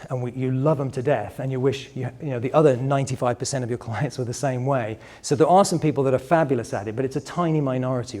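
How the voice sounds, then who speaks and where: A man's voice: a little high, dark tone. A middle-aged man, a business coach, giving a live workshop presentation in a conversational, digressive way and speaking straight to the room.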